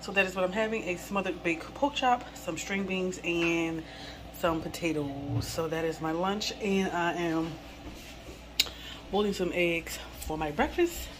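A woman's voice: fairly low pitch, measured pace, noisy background. A woman in her forties, a mother, chatting casually to viewers from her home kitchen and calling them y'all. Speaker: vlogger, mother of two. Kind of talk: casual home vlog chat.

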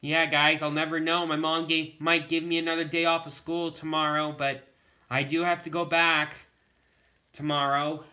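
A man's voice: a little high, level tone, moderate pace, sharp tone. A male vlogger talking casually to the camera, rambling and repeating himself as he keeps addressing his viewers.

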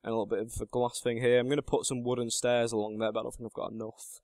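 Chatty teen gamer, dry sound. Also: male voice, medium pitch, level tone, racing, darkish tone, dry recording. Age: late teens. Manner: chatty and self-mocking, muttering to himself while playing. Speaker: gaming channel host. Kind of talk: casual gameplay commentary.

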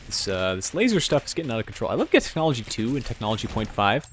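Very animated and very fast, this medium-pitched man barely pauses as faint music plays behind him. He's a let's play commentator whose loose, self-mocking chatter is full of sound effects and comic impressions.

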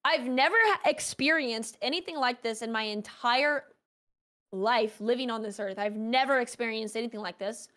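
A woman's voice: a little high, normal speed. A young woman, a streamer guest on a talk show, telling a story casually and animatedly, saying "like" often. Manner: animated, heavy use of "like".

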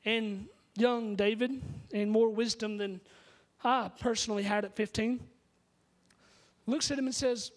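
A pastor preaching an emphatic, story-driven sermon in a church sanctuary. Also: male voice, high voice, steady tone, a little slow.

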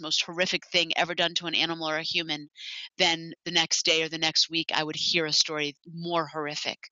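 A woman with a deep, forceful voice tells her story in an earnest, heartfelt way. She speaks as the founder of an animal sanctuary in a personal talk. The recording is dry and slightly dull. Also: no echo.

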